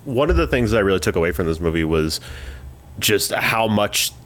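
A man's voice: lowish voice, lively intonation, brisk, a bit bright. A man in casual movie discussion, laid-back and agreeable. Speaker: podcast co-host.

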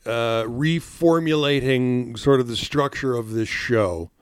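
A man hosting a news-comedy podcast, chatting casually and reading news with wry deadpan asides. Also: medium pitch, slow, clean tone, no room sound, studio quality. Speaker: podcast host.

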